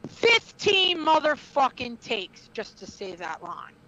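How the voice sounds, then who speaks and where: On a dull lo-fi recording, a former wrestler, a middle-aged woman guesting on a podcast, recounts a heated story with blunt profanity and casual talk. She speaks at a normal speed in a fairly high, animated, fairly bright voice, with a little hiss or hum present.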